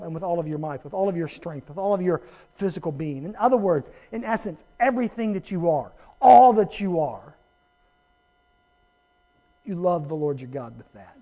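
A man's voice: fairly high pitch, lively intonation, moderate pace, warm tone, lo-fi sound. A man preaching a sermon as pastor, emphatic and earnest with humorous asides to his congregation.

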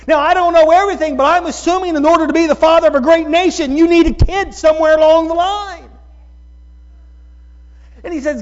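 A man preaching a sermon, moving from calm teaching to loud, excited preaching. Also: very high voice, a little fast. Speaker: pastor. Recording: dull sound with long hall reverb.

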